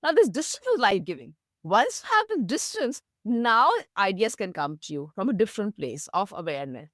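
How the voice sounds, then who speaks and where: Lively-voiced woman telling teaching stories. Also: fairly quick, no echo, studio quality. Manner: gentle storytelling, lively pitch, laughs softly. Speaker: meditation teacher, guest. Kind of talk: explaining with stories in an interview.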